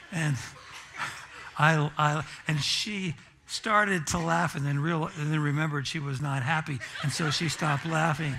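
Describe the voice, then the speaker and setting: A man's voice: on the high side, fairly even intonation, moderate pace, noisy background. A pastor preaching a sermon in church and telling a self-deprecating, humorous story about his family.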